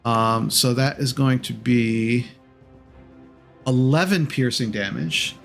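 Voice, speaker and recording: Slow, gravelly-voiced male game master. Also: medium pitch, fairly bright tone, soft background music. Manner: unhurried, rambling with many ums and self-corrections. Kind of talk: narrating a tabletop game.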